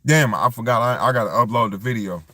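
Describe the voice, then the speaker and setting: A man's voice: mid-range voice, quick pace, pushed and bright. Guy rambling on in a vlog, keeps restarting, dry sound no room echo. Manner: rambling, loose and digressive, with many restarts. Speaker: vlogger. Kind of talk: casual vlog monologue. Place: tent.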